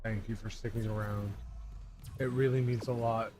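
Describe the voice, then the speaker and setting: A man's voice: on the low side, fairly even intonation, moderate pace. A man streaming a video game while intoxicated, casually rambling and apologizing often. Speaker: gaming streamer. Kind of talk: casual let's-play commentary.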